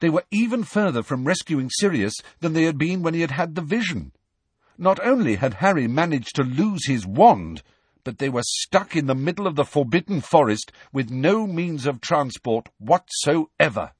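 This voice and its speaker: A man's voice: fairly high pitch, big pitch swings, moderate pace, slightly rough, no echo. A man narrating an audiobook with a dramatic, varied storytelling delivery.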